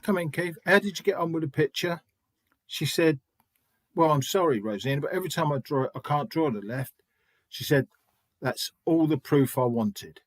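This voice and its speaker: A man's voice: on the high side, lively intonation, normal speed, dry recording. A middle-aged man and spiritualist medium telling stories in an interview, chatty, restarting often and acting out quoted dialogue. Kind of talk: anecdotal interview storytelling.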